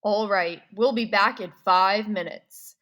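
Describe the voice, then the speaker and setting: Lady reading a cold pushy official guy, slow and blunt, bright tone. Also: medium pitch, voice pushed down. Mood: curt. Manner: blunt and pressing. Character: stern unfriendly male aid worker questioning a child.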